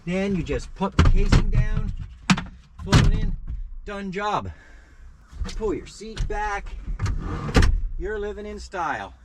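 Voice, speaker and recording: A man's voice: high-pitched, animated, slow, pauses often, very noisy. A man hosting a casual how-to vlog outdoors by a van, talking to viewers as "guys" while he works one-handed with the camera in his other hand, a little out of breath. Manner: chatty, keeps addressing viewers as guys. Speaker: channel host. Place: outdoors beside a parked van. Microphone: handheld camera held while working.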